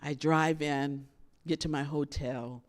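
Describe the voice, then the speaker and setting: A woman's voice: deep voice, takes it slowly. A woman poet, telling a story to a live audience in a university theater and acting out the voices she quotes. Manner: animated, acts out quoted voices. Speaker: visiting poet.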